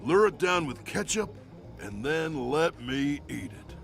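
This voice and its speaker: A man voicing a stubborn, scrappy male critter farmer in a video game, with a gruff, folksy way of talking. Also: fairly high pitch, very animated, unhurried, soft background music, full character voice. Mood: regretful.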